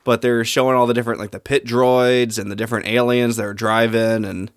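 Male co-host, wry and animated, mid-pitched, dry close sound. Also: fairly quick, no room sound. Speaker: podcast co-host. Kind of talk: casual chat.

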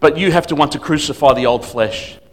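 A man preaching as a guest speaker at a church service, emphatic, swinging between loud declarations and quiet asides. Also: fairly high pitch, brisk. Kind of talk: sermon.

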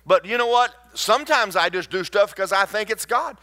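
A man, a pastor telling stories in a sermon, emphatic and swinging between loud and hushed. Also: sits high, expressive, normal speed.

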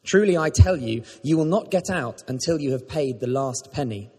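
Husky man reading scripture in echoing church. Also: a little high. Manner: measured, steady reading aloud. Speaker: scripture reader. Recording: echoey church, far from the mic.

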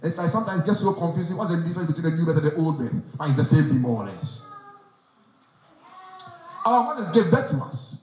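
A man's voice: fairly high pitch, lively intonation, fast, pauses often, a little mellow, slight background noise. A man preaching a sermon, emphatic, firing off rhetorical questions and repeating phrases. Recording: very echoey, dull sound.

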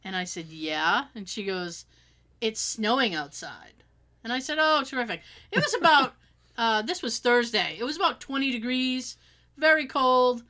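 Bright-voiced woman telling a story. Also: fairly high pitch, normal speed. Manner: animated, swears freely, acts out quotes. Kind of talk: casual storytelling chat.

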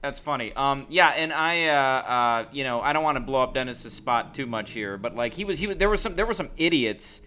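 A man co-hosting a podcast in casual chat, telling joking anecdotes in an animated way. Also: medium pitch, fairly quick, hardly any pauses, a little hiss or hum. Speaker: podcast co-host.

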